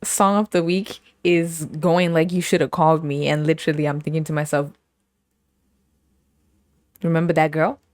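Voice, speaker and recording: A young woman from Canada hosting a podcast, telling her week's story in a casual, animated way and acting out the people in it. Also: low voice, brisk, hardly any pauses, dry recording. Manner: animated storytelling with laughs and acted-out quotes. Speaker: podcast host. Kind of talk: casual chat.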